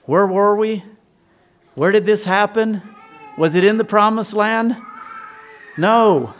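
High-voiced man preaching a sermon. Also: steady tone, unhurried. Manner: questions the congregation, storytelling.

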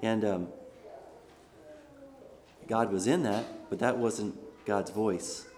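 A man's voice: lowish voice, takes it slowly, a little mellow, a little hiss or hum. A male pastor giving a sermon, reading scripture aloud and then explaining it in a conversational way.

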